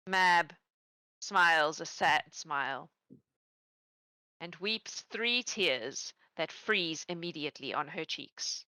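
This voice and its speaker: A woman narrating as game master of a tabletop game, telling the story in a relaxed, playful way. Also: low-pitched, takes it slowly, long pauses, no echo, rough recording.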